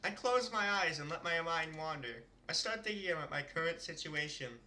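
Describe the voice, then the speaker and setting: A man's voice: on the high side, lively intonation, moderate pace, sharp tone. A male streamer reading a visual novel aloud and chatting about it in a rambling way, often laughing.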